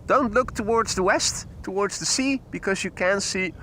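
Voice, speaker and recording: A man's voice: high-pitched, normal speed, bright, forceful tone. Man, stream host, chatty and greeting viewers, a bit stuffy-nosed, lapel mic outside with faint background hum. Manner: chatty, greets viewers by name, mixes in Dutch and German greetings. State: slightly stuffy nose. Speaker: plane spotting livestream host. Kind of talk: casual live commentary. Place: outdoors at an airport. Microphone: wireless clip-on mic on his t-shirt.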